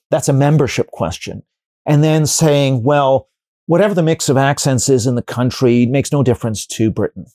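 A man's voice: mid-range voice, dark tone, no echo, studio quality. A professor being interviewed, building his points step by step through examples and hypotheticals, restarting sentences as he thinks. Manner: frequent restarts and fillers while thinking. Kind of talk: conversational interview answers.

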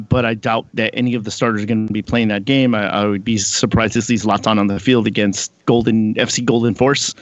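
A man's voice: lowish voice, muffled recording. A man co-hosting a sports podcast, giving his pick with lots of ums and uhs. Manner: filler-heavy, measured. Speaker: podcast co-host. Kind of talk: casual podcast chat.

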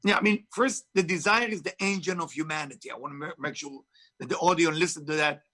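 Speaking fast in a slightly high voice that sounds pushed and bright, a heavily accented author and spiritual teacher gives an interview. His delivery is emphatic and preachy, with non-native phrasing.

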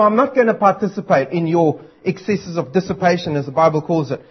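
A man delivers an earnest, urgent sermon, repeating his key lines for weight. His voice sits high and a little husky. The recording is dull and lo-fi. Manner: earnest, urgent preaching with emphatic repetition. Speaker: preacher.

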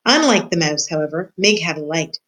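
Woman, teacher, read-aloud storytelling, lower voice, expressive. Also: brisk, low-quality recording. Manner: expressive, addresses the reader. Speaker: teacher reading aloud to students.

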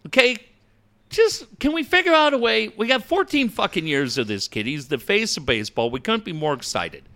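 A man's voice: high voice, big pitch swings, normal speed, sharp tone. A man co-hosting a casual sports podcast, profane and boisterous as he rants animatedly.

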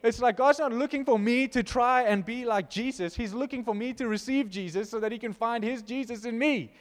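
A man preaching a sermon to his church, impassioned, swinging from loud to hushed. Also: very high-pitched, brisk. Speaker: pastor. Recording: long hall reverb.

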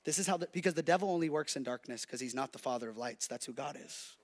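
A man pastor preaching a sermon with lots of energy, acting out the voices of God and the devil. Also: medium pitch. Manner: preaching to a congregation, playing the devil's and God's voices; energetic, with quick restarts and repeated calls.

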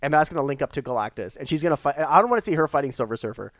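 A man's voice: a little high, animated, racing, fairly bright tone, dry recording. A man in casual chat, rambling eagerly with many restarts.

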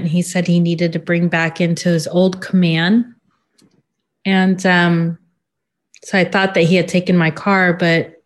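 A woman in an interview who gives a personal account in a halting, subdued way, with many pauses and fillers. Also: lowish voice. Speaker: interview guest.

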